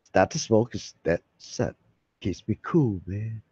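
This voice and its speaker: A man's voice: fairly low pitch, expressive, measured pace, dark tone, slight background noise. A man live streaming, chatting casually to his viewers in a rambling, folksy way and swearing freely. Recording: dull lo-fi mic.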